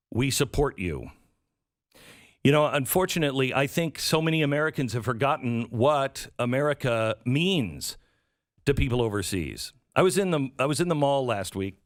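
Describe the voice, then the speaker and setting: A man's voice: medium pitch, big pitch swings, measured pace, dry recording. A man hosting a political talk show, sarcastic and prone to acting out the voices he quotes, on a studio mic. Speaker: radio show host.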